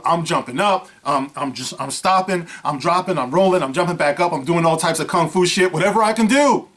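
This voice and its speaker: A man gives a casual, seated commentary to his viewers in a voice that sits somewhat high for a man. He talks loosely and conversationally, leans on "you know," and slips into acted-out bits of a scene as he goes. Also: a bit bright. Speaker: vlogger. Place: seated indoors.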